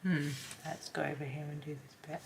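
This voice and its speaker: Hoarse, low-voiced woman chatting. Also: steady tone, fairly quick, a little hiss or hum. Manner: chatty, rambling, half-whispers while concentrating. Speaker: colouring channel host. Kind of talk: casual chat while colouring.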